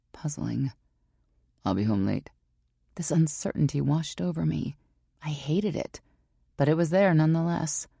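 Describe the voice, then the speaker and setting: A woman narrating a first-person romance audiobook in a measured, introspective way on a close studio mic. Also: deep voice, vocal fry, mellow, dry recording.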